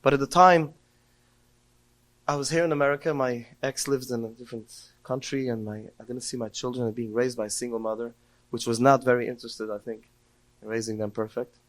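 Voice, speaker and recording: A man's voice: medium pitch, steady tone, brisk. A middle-aged man giving a heartfelt Torah talk, telling stories and rising to emotional cries when quoting prayers. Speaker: podcast speaker.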